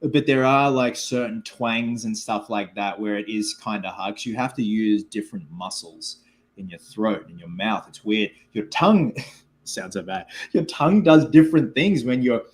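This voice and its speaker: A man's voice: medium pitch, moderate pace. An Australian man hosting a live stream, chatting loosely with viewers and reading out their comments, full of "like" and "man". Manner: filler-heavy, keeps saying like and man. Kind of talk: casual live stream chat.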